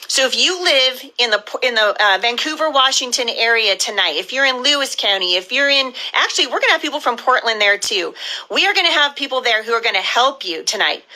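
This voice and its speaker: A woman's voice: on the high side, animated, fairly quick, bright, forceful tone, rough recording. A middle-aged woman from the US Pacific Northwest, giving a fiery, indignant live-stream address as a political candidate.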